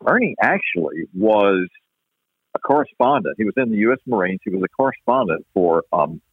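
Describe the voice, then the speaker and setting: Guest announcer, male, from East Texas: low voice, rambling folksy storyteller, heard on a dry phone call. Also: big pitch swings, gravelly, husky, no room sound. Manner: folksy, unhurried storyteller with many restarts. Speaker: baseball play-by-play announcer, guest. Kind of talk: storytelling interview chat. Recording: dry tinny phone-line sound.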